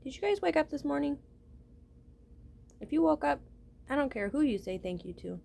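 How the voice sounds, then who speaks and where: Her high, slightly creaky and mellow voice moves at a moderate pace with lively intonation. She's a vlogger rambling casually to her viewers, swearing freely and often opening with "listen."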